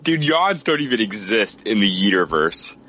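A man co-hosting a casual podcast, making wry, deadpan quips. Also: lowish voice, normal speed, no room sound, lo-fi sound. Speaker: podcast co-host.

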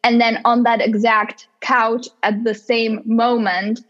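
A woman guest on a casual podcast interview, telling her business story in an animated way and acting out her own past thoughts. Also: fairly high pitch, slow, muffled recording.

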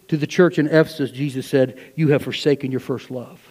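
A man preaching a sermon to his church, swinging between loud, fervent passages and hushed asides. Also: medium pitch, a little fast, big-room sound. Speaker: pastor. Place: church sanctuary.

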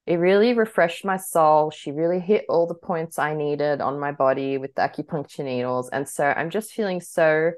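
Young woman, podcast co-host: low pitch, bubbly, laughing, loose chatty delivery. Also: a little mellow. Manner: bubbly, laughs often, talks in quick bursts with many fillers. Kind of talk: casual chat.

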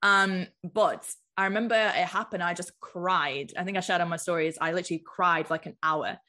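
Chatty british woman on a podcast, lowish voice, says like a lot. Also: fairly even intonation, fairly quick, pushed and bright. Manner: chatty, lots of filler "like". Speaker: guest, business mentor. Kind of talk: casual podcast chat.

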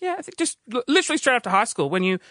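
A man with a high, feminine-sounding voice, a guest telling self-deprecating stories in a lively way. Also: rapid-fire, no room sound, clean studio sound. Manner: self-deprecating, animated storyteller. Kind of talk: casual chat.

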